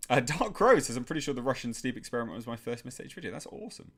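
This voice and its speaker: A young man from England hosting a live stream, calmly reading out viewer messages and answering them in a measured way. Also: mid-range voice.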